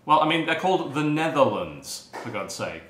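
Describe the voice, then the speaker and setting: A man's voice: fairly high pitch, very animated, normal speed, reverberant, noisy background. A man tasting snacks on camera in casual chat, grumbling and sarcastic. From United Kingdom. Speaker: snack taster.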